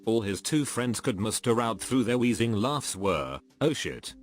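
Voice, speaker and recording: A man's voice: lowish voice, normal speed. A man narrating a series of short anecdotes in a scripted, story-reading manner. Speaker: narrator reading Reddit posts. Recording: faint background music.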